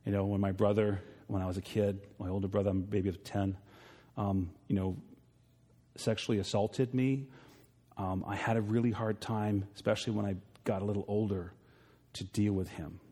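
A middle-aged male pastor preaching a sermon to his congregation, rising to emphatic peaks and then dropping low and quiet, acting out voices when he retells a story. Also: flat delivery, normal speed, slightly rough. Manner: acts out voices in retold stories. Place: church sanctuary. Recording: long hall reverb.

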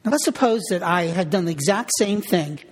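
A man's voice: high voice, expressive, brisk. A middle-aged man preaching a sermon, telling a homey story in an earnest way and often repeating his words as he goes. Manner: earnest storytelling with frequent word repetitions. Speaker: pastor. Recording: long hall reverb.

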